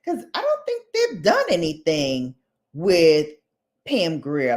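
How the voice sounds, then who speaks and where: A woman vlogger chats casually with her viewers, gossipy and animated. She takes her time, drawing words out, and her fairly low voice rises and falls a lot. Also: measured pace. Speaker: beauty vlogger. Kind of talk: casual chat.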